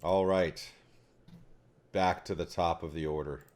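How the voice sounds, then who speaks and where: A man's voice: sits low, fairly even intonation, unhurried, darkish tone. A man running a tabletop game as dungeon master, narrating the action and laughing often with his players.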